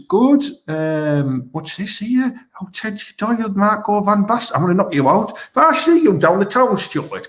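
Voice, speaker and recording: Teesside bloke, raised pitch, rambling and crude, hosts a live stream from home. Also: male voice. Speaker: host of a live online comedy show.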